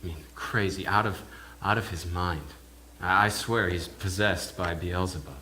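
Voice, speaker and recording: A man's voice: low voice, steady tone, moderate pace, bright, forceful tone, a little hiss or hum. A male minister preaching in character as an awed village pig herder, telling his story in the first person with hesitant, often repeated words. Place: church.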